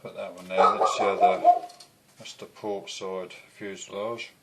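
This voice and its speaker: Slow, low-voiced bloke rambling. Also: male voice, flat delivery, very noisy. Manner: chatty, self-deprecating, swears under his breath, loses his thread. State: out of breath. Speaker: model kit reviewer. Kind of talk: casual rambling kit review.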